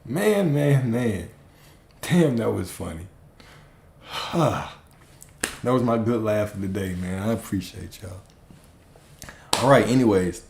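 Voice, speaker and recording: A man chatting on a livestream, speaking in a slow, lively voice that swings up and down. He jokes and curses freely and laughs a lot. The room around him sounds echoey. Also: fairly low pitch, vocal fry, a little hiss or hum. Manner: profane, joking, laughs often, slow drawl. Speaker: livestream host. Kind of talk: casual comedic livestream chat.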